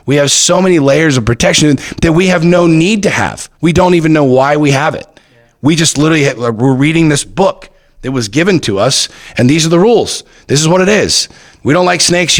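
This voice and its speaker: A man in his forties talks quickly, piling one story onto the next in a casual podcast chat. His pitch sits in an ordinary middle range. The sound is close and dry, and his delivery is profane, blunt and emphatic. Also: no echo. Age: 40s. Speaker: podcast guest.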